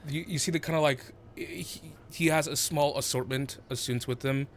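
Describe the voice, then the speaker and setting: A man's voice: fairly high pitch, fairly even intonation, moderate pace, a little hiss or hum. A man narrating as game master of a tabletop game, hesitant, with many fillers and restarts.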